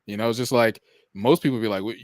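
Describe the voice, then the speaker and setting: A young man co-hosting a podcast, chatting in a relaxed, rambling way with many fillers. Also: mid-range voice, fast talker, no room sound, studio quality. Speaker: podcast co-host. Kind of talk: casual chat.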